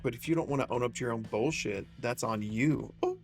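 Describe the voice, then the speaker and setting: A man's voice: medium pitch, a little fast, vocal fry, faint music behind, natural voice. A man reading the lines of a bitter, sarcastic record store owner and former musician in a game. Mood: contemptuous. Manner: sarcastic, contemptuous.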